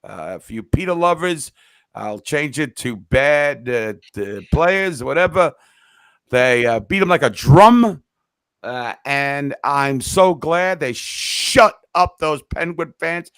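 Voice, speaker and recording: A man's voice: a little high, expressive, takes it slowly, fairly bright tone, clear, resonant tone, no room sound, studio quality. A man co-hosting a sports podcast in casual chat, teasing his co-host with blunt, wisecracking remarks.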